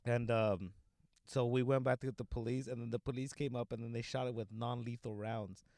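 A man's voice: mid-range voice, fairly even intonation, brisk, a little mellow, no room sound, clean studio sound. A young man from Southern California telling a rambling, profanity-laced story in casual chat, full of fillers like "like" and "you know.".

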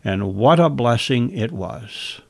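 A man's voice: mid-range voice, lively intonation, slow, gravelly, dry recording, studio quality. A man teaching a Bible lesson as narration, adding wry asides between the scripture readings.

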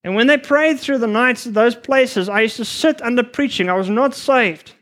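A man preaching a sermon to future missionaries, earnest and emphatic, sometimes rushing his words. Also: extremely high pitch, a bit bright. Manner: earnest, emphatic, rushes at times.

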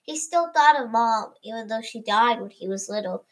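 A woman with a high voice reads a homemade first-person story aloud. She stumbles now and then and corrects herself mid-line. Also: lively intonation, moderate pace, a bit bright, poor audio.

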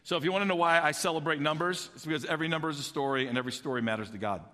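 A middle-aged male pastor preaching, his voice high and bright as he tells stories with animated energy. He acts out childhood voices along the way. The sound carries a long echo, as in a large church hall. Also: very fast. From Illinois. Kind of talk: sermon.

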